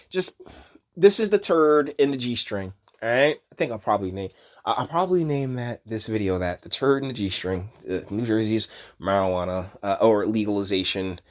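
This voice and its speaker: Rambling, sarcastic man ranting over news. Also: mid-range voice. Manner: rambling, profane, sarcastic, laughs often. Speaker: channel host. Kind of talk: casual news commentary rant.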